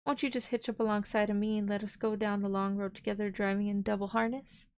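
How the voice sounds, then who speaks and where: Earnest young cowboy suitor, hearty folksy slang, slightly gravelly edge, read by a woman. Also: medium pitch, flat delivery, fast talker, close to an everyday voice. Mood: sweet.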